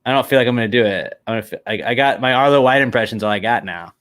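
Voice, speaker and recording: A man's voice: medium pitch, racing, a bit bright. Jokey man bantering on a podcast. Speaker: podcast co-host. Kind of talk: casual football chat.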